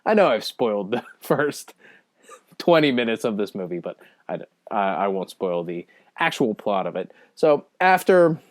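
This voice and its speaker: A man's voice: fairly low pitch, normal speed, no echo, studio quality. A man giving rambling, self-deprecating casual commentary over a speed painting. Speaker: speed-painting video host reviewing a film.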